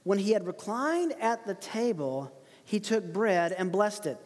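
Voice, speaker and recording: High voiced guy preaching, animated, laughs a lot, big echoey sanctuary. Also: measured pace. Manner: animated, laughs often, emphatic quotes. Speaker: pastor. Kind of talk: expository sermon.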